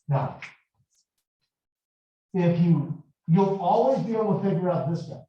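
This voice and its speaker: Slow-explaining male math teacher, echoey room. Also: high-pitched, warm tone. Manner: slow, deliberate explaining with chatty digressions. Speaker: math instructor. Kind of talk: classroom lecture. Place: large echoey classroom. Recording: echoey, distant, dull classroom recording.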